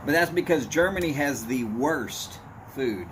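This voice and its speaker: This livestream host talks with viewers in a blunt, rambling way full of meandering asides, and his tone strikes people as angry. His mid-range voice is a bit bright with lively intonation and a measured pace, and there's slight background noise.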